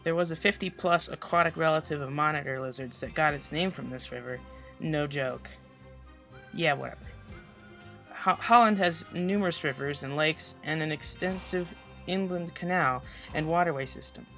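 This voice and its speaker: Teen guy doing a snarky class presentation voiceover, bright kinda highish voice, music faint underneath. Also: moderate pace, vocal fry. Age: teens. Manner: sarcastic, mocking asides. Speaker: student presenter. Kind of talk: comedic school presentation voice-over.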